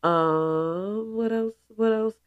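A woman's voice: mid-range voice, very slow, no room sound, narrow, tinny audio. A woman hosting a spiritual podcast in casual, emphatic talk with playful asides. She is stuffy and congested. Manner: emphatic, playful asides, calls listeners goddesses.

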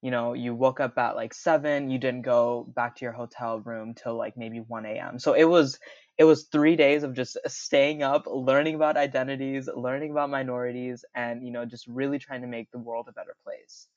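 A man's voice: mid-range voice, steady tone, moderate pace, darkish tone, no echo. Chatty young man, dull lo-fi sound. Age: young adult. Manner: chatty, full of "like" and "you know", laughs often. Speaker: interview guest. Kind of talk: casual storytelling interview. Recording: dull lo-fi recording.

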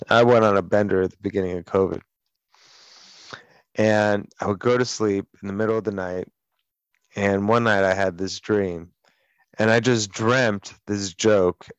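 A radio co-host with a low voice tells crude, profane, sardonic stories in casual on-air banter. He sounds dull and dry, as if close-miked in a studio with little treble, and there's no echo.

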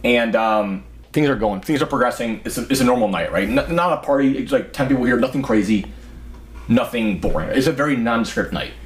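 A man's voice: mid-range voice, fairly quick. A young man telling a long party story in casual chat, rambling and swearing as he goes. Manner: profane, rambling, animated retelling. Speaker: podcast host telling a story.

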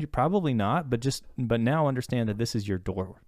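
A man's voice: medium pitch, moderate pace, few pauses, darkish tone, no room sound, studio quality. A man speaking as a therapist in a casual podcast chat, reflective and searching, often restarting his sentences as he works his thoughts out.

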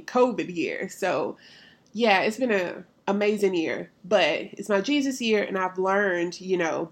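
A woman in her thirties with a Southern Alabama accent, hosting her podcast in a chatty, candid way as a pastor and therapist. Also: medium pitch. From Alabama, US Southern states. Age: 30s. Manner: chatty and candid, with frequent fillers and laughter. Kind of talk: casual podcast monologue.

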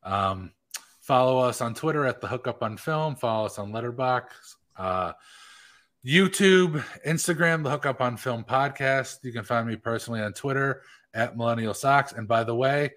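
A man co-hosting a film podcast, talking in a blunt, brisk, joking way. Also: medium pitch, a bit bright. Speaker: podcast co-host. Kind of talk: casual chat.

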